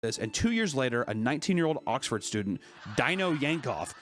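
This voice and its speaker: A man's voice: mid-range voice, sing-song, brisk, a bit bright, no room sound. A man narrating a comedic list video, reading facts with jokey asides and swearing.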